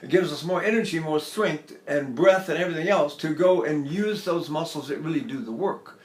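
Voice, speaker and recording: A man's voice: on the high side, moderate pace. Older male voice teacher, echoey room. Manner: explains, then breaks into sung la and pa exercises. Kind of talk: singing lesson with vocal demonstrations.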